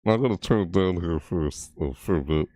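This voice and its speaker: A gaming video creator, low-pitched and warm, talks fast as he reacts to a game trailer, yelping in surprise and tossing out mild swears like "frick" and "what the heck." There's no echo, just faint trailer music under his voice.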